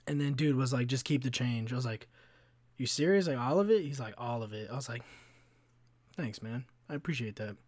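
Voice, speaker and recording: A man's voice: mid-range voice, a little fast, dry recording. Profane, rambling young man on a podcast. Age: 20s. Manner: profane, rambling, animated storytelling with frequent fillers. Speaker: podcast host. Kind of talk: casual solo storytelling.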